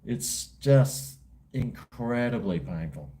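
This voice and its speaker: A man's voice: mid-range voice, lively intonation, slow pace, mellow. An Australian man hosting a live stream, chatting casually with viewers in a rambling, slangy, laid-back way. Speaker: livestream host.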